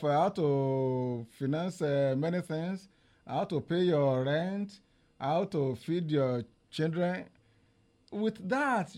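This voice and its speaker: A man with a slightly raised voice speaks as an in an interview. He is earnest and emphatic, pausing on fillers before pressing his point. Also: on the high side, darkish tone.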